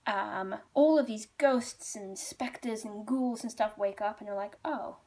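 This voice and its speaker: A woman's voice: medium pitch, measured pace, darkish tone. A woman storyteller retelling a folk tale casually, chatty and rambling, with many asides.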